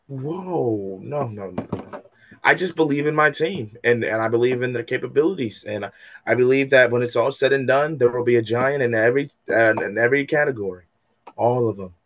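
A man's voice: medium pitch, fast talker, a bit bright. Young man, college-bound, casual podcast chat, jokey and defensive, dull lo-fi audio. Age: young adult. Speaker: co-host.

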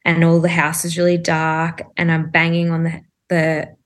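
A woman's voice: deep voice, completely flat delivery, normal speed. A woman guest in a podcast interview, earnestly recounting a personal story with frequent fillers and quoted thoughts.

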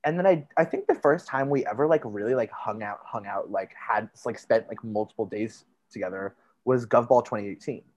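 A man's voice: fairly low pitch, a little mellow, dull audio. A young man from New Jersey, a podcast guest in casual chat, talking loosely and packing his sentences with "like" and restarts. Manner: chatty, heavy use of "like", quick restarts.

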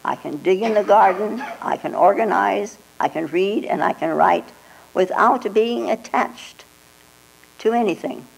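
On a 1989 tape with mains hum and poor audio, an older woman who is a Zen teacher gives a slow, reflective dharma talk. She often adds asides like "you know" and "huh?", speaking at medium pitch with vocal fry.

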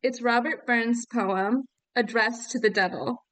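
A woman co-hosting a podcast in casual chat, with teasing, deadpan banter. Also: fairly high pitch, a little slow, low-quality recording. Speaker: podcast co-host.

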